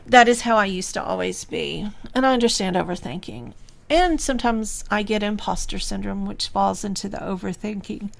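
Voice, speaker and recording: A woman hosting a reflective spiritual podcast, talking in an unhurried, musing way with sighs and soft laughs. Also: mid-range voice, creaky. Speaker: podcast host and spiritual teacher.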